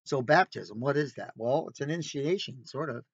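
A man leads an informal Bible study, mixing rhetorical questions with emphatic, conversational asides. His voice sits at an average pitch. The recording is dry and somewhat dull, as if captured on modest gear inside an RV. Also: expressive, moderate pace, slightly rough, no room sound. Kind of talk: informal sermon. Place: recreational vehicle.

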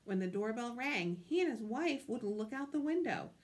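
A woman's voice: a little high, expressive, normal speed. A woman reading a picture book aloud with expression, stopping to ask her listeners questions. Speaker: storytime reader.

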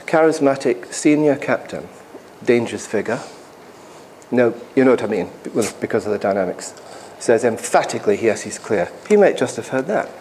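Pilot giving an emphatic conference talk. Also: male voice, medium pitch, darkish tone, slight background noise, rough recording. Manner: conversational and emphatic, with asides to the audience. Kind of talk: conference presentation. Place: conference hall.

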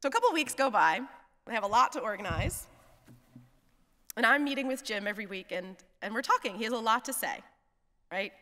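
A woman hospice chaplain telling a story from the pulpit, acting out each person's lines in an animated way and laughing often. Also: a little high, fairly quick, pauses often. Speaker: hospice chaplain, guest preacher. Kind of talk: storytelling sermon. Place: church sanctuary. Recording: long church reverb.

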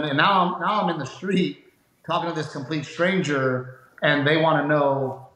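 A man's voice: on the high side, moderate pace, echoey room, poor audio. A man telling stories in a casual podcast interview, acting out the people he quotes and laughing as he goes. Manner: animated storyteller, acts out quoted people, laughs often. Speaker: comedian guest.

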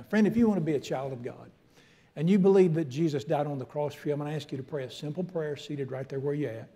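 An older man with a drawl preaches from the pulpit. His voice sits a little high for a man. He jokes playfully with the congregation and prays in a soft, earnest tone. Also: fast, slightly rough. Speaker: pastor. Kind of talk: sermon.

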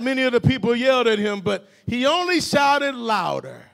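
A male pastor delivers a call-and-response sermon in a church sanctuary. His voice sits high for a man, and he rises from low, quiet phrases into loud shouts that urge the congregation to answer back. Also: lively intonation, moderate pace, vocal fry, few pauses, faint music behind.

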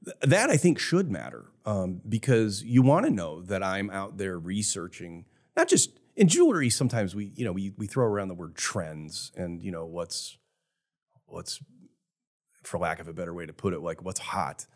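Fifties man, low voice, sincere and thoughtful, casual podcast talk. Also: very animated, normal speed, a little mellow. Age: 50s. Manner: earnest, reflective, emotional at times. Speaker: jewelry store owner.

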